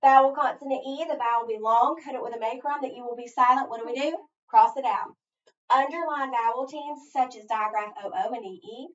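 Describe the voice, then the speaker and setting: A woman teacher giving a phonics lesson, thinking aloud step by step and pausing so listeners can finish her sentences. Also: fairly high pitch. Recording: echoey, distant, dull sound.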